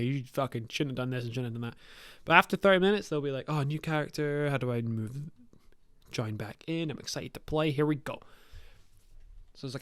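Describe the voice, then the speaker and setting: Sweary man, smooth clear voice. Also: on the high side, no echo. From Scotland. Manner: blunt and sweary, rambling asides. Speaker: podcast host, dungeon master. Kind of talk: casual podcast talk, giving advice.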